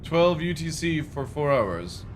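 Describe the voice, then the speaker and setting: A man's voice: on the high side, very animated, unhurried, background noise. A man chatting casually to his chat while streaming a game, rambling and swearing freely.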